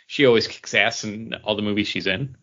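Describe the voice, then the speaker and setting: A man co-hosting a podcast, chatting in a relaxed, slightly hesitant way. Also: fairly low pitch, brisk, highs cut off. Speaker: podcast co-host. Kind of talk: casual chat.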